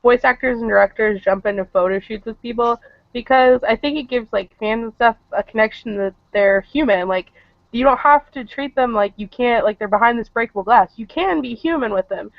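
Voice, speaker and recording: A man's voice: extremely high pitch, a little fast, creaky, no echo. A man appearing as a guest on a casual stream chat and telling rambling anecdotes. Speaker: guest cosplayer. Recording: dull lo-fi stream audio.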